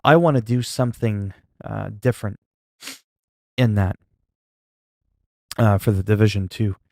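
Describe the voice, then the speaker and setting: Low, gravelly, laid-back male streamer. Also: no room sound, clean studio sound. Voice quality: sleepy-sounding, flat delivery. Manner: low-key, calm and unhurried, not hyped. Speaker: livestreamer. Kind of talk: casual live-stream chat with viewers.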